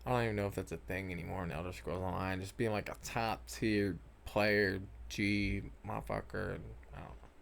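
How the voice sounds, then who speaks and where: A man's voice: deep voice, steady tone, fairly quick, creaky, fairly bright tone, slight background noise. A young man who rambles and swears a lot, talking casually over gameplay footage and trailing off often. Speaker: gaming vlogger.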